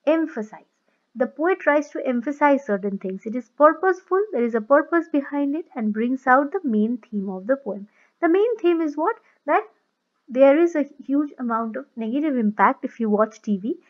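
A woman with an Indian English accent teaching a poetry lesson, emphatic, repeating and rephrasing her points and asking rhetorical questions. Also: high-pitched. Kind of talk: classroom lesson explaining a poem. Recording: slightly muffled lo-fi sound.

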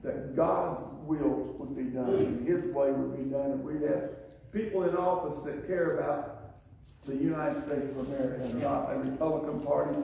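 A man pastor speaks from the pulpit in a folksy, storytelling way, often breaking into laughter. His voice is somewhat high for a man. He is heard from a distance in a very echoey church sanctuary. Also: fairly even intonation, moderate pace, gravelly, dark tone, a little hiss or hum. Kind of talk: church sermon.

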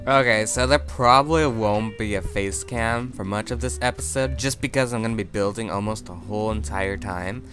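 A man casually commenting on his own gameplay as a video host, chatty and excitable, squealing high when startled. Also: moderate pace, few pauses, soft background music.

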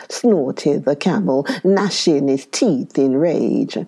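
A woman narrating a children's story in a calm, measured way. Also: low-pitched, slightly rough.

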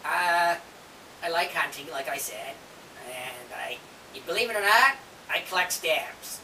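A woman's voice: low voice, slow, pushed and bright, pitched below the performer's own voice, exaggerated voice. A woman voicing a shy male coyote puppet who mumbles hesitantly, recorded from a distance in an echoey room with faint hiss. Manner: hesitant, mumbling, lots of fillers.

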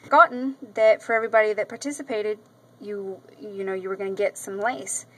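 Speaking in a mid-range, fairly even voice that is fairly quick and a bit bright, this woman vlogger shows off craft mail she got. The low-quality camera-mic recording carries a little hiss or hum. She gushes frequently, with plenty of ums and repeats, and is an adult with a daughter.

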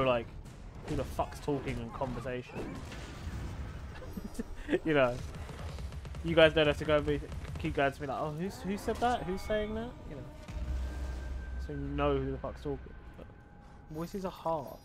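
A man streaming a video game, chatting casually with viewers, swearing freely and laughing often. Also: fairly high pitch. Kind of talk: casual gaming stream chat.

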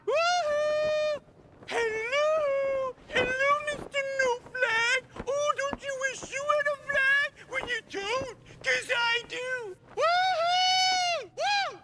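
A childish braggart, high shrill taunting voice, bright and lively, whoops and jeers. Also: male voice, moderate pace, long pauses, a little hiss or hum, full character voice. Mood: mocking. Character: boastful childish man, self-declared ruler of his own country. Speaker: gloating man named Dave. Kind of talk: film comedy acting.

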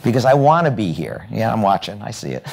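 A man's voice: on the low side, sing-song, fast, creaky, darkish tone. Storytelling man giving a keynote talk. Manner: storytelling, acts out dialogue, asks the audience "right?". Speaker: keynote speaker. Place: hotel event room, on stage.

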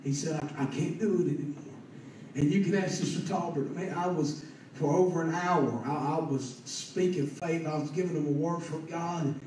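A man preaches with growing fervor, his fairly high voice surging into loud emphatic peaks. He is picked up from a distance in a church sanctuary. The reverb is heavy, and faint room noise sits behind him. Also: steady tone, moderate pace. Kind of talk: sermon with personal story.

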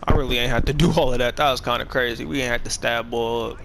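A man's voice: mid-range voice, steady tone, quick pace, vocal fry, a bit bright, soft background music. A man giving casual gameplay commentary, rambling along in profane, slangy, laid-back talk. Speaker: gamer streaming a playthrough.

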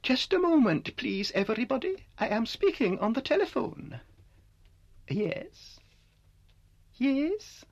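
A woman voicing an earnest, polite little male doll who is a bit flustered, in an animated series. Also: high-pitched, takes it slowly, long pauses, muffled recording, full character voice. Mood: cheerful.

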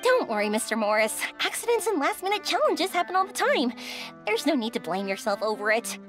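A woman's voice: high-pitched, very animated, a little fast, music in the background. Woman voicing an upbeat, reassuring young woman. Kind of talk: fan voice dub.

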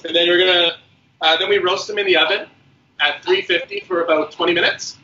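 A man, a guest chef, explaining a recipe step by step in a relaxed way with many fillers. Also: high voice, a little fast, highs cut off. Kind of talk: cooking demonstration.

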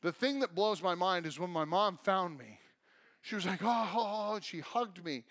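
High-voiced male pastor preaching. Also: lively intonation, moderate pace, a bit bright. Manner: storytelling, acts out quoted voices. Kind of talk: sermon. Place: church sanctuary.

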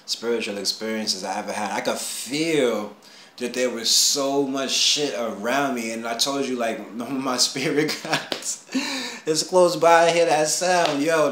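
A man telling a personal story in casual street slang, animated, dropping low and then rising to excited shouts. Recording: roomy echo, faint background hum.

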